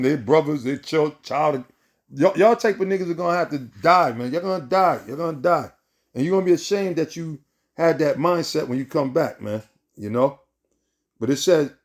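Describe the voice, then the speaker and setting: A man's voice: on the high side, darkish tone. A man preaching informally from scripture in a heated, profane way, repeating himself and ending lines with "man" and "right?".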